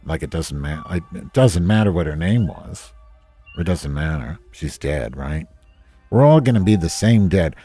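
A man's voice: low-pitched, lively intonation, moderate pace, mellow, slightly rough, faint music behind. Grumpy, profane man ranting. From New Jersey. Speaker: host. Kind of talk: casual ranting monologue.

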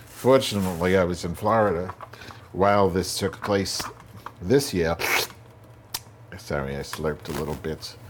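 Low-voiced rambling crude man. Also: unhurried, pauses often, noisy background. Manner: crude, rambling, self-mocking. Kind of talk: rambling monologue to camera. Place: home bathroom.

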